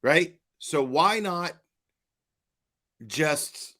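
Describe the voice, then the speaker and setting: A man giving casual livestream commentary, halting and repeating words as he questions and answers his chat. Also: on the high side, lively intonation, a bit bright. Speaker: online commentator.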